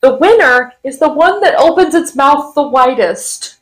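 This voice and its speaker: A woman hosts a casual comedy podcast, laughing easily and teasing her guest. Her voice sits high and swoops up and down with every joke. She has the hiccups and keeps her tone sarcastic and light. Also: animated, unhurried, poor audio. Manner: playful, giggly, sarcastic. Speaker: podcast host.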